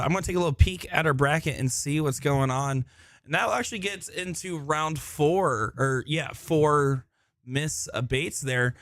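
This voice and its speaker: Casting: man, mid-pitched, chatty, self-deprecating live darts commentator, dry close mic. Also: a bit bright, no echo. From Florida. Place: busy indoor tournament hall.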